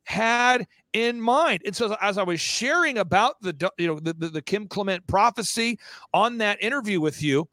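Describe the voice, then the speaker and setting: A man as an interview guest, telling a story quickly and excitedly and acting out the voices of the people in it. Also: sits high, dry recording. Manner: excitable, acts out quoted voices. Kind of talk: fast animated storytelling.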